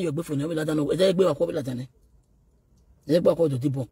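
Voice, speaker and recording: A Nigerian man delivers a scolding, taunting rant aimed straight at a rival. His voice is deeply husky and sits fairly high for a man. The sound is dry and close. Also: very fast, dark tone, no room sound. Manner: scolding, taunting, code-switching into Yoruba. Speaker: online video host. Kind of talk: ranting message to a rival.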